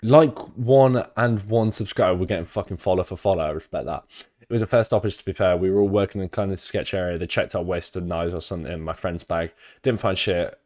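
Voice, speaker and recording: Deep-voiced young British man rambling. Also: steady tone, quick pace, darkish tone. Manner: rambling, sweary, anecdotal. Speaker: streamer. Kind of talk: casual stream chat.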